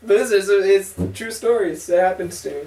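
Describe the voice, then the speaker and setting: A man's voice: sits high, normal speed, dark tone, recorded from a distance. A young man telling crude stories in a casual chat, acting out the quotes in his tales. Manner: crude, rambling, acts out quotes. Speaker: co-host. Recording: echoey room, voice from off-mic.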